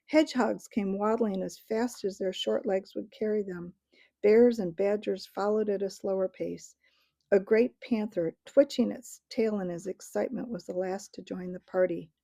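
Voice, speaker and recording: Woman reading a storybook, gravelly. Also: mid-range voice, fairly even intonation, moderate pace, warm tone, no room sound. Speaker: audiobook reader.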